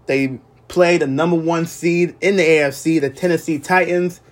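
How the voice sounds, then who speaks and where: A man hosting a solo sports podcast, recapping games in an excited, emotional way and often repeating himself. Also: fairly high pitch, normal speed. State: recovering from illness. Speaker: podcast host.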